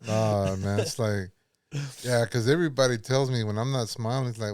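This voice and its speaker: A man's voice: lowish voice, moderate pace, a little mellow, dry recording, studio quality. A man, a former bouncer, chatting casually on a podcast, rambling and repeating his words, swearing often. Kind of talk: casual chat.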